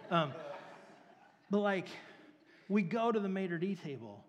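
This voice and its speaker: A man's voice: high-pitched, very animated, measured pace, dull audio. A man preaching a casual, conversational sermon, telling stories with lots of fillers. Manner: casual, filler-heavy, storytelling. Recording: long reverb of a large hall.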